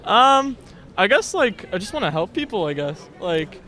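Young male student, high voice, relaxed and playful, outdoor street chat. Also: moderate pace. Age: young adult. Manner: easygoing, laughs along with the jokes. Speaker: medical student.

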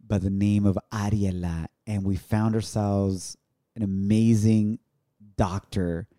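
A man co-hosting a podcast, telling a family story in casual chat, in words and acting out quotes in a high, excited voice. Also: slow. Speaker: podcast co-host.

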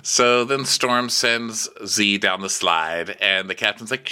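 A man's voice: fairly low pitch, slow, pushed and bright, clean tone. A man co-hosting a podcast, chatting casually and mimicking the people he quotes. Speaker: podcast co-host. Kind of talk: casual recap chat.

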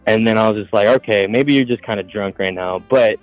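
Male caller, lowish voice, profane rambling storyteller, dry close sound. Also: a little fast, dry recording, soft background music, low-quality recording. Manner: profane, rambling, quotes others. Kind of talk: casual storytelling.

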